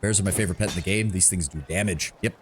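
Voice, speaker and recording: A man's voice: sits low, very fast, background noise. A man streaming a video game, talking in casual, playful asides. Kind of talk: gaming commentary.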